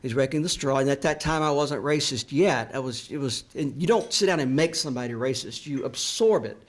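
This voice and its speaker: A man's voice: medium pitch, fairly quick. An older man from the American South, telling a personal story to an audience in a reflective, earnest and confessional way. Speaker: author. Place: library event room.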